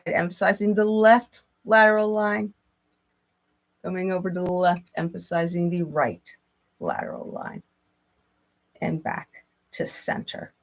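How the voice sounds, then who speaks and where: A woman leading a yoga and movement class, calmly cueing breath and stretches with the odd soft laugh. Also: fairly low pitch, rough recording. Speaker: yoga instructor. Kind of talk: guided movement instruction.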